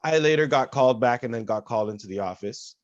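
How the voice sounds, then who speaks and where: A man co-hosting a casual podcast, telling stories in an animated, loud, profane way. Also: medium pitch, quick pace, no echo, dull audio. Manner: animated storyteller, loud and profane when reenacting. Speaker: podcast co-host.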